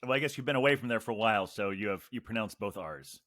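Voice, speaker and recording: A man's voice: lowish voice, quick pace, a bit bright. A man hosting a beer podcast, talking in a wordy, playful manner and explaining things at length. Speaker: podcast host. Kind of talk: casual chat over beer tasting.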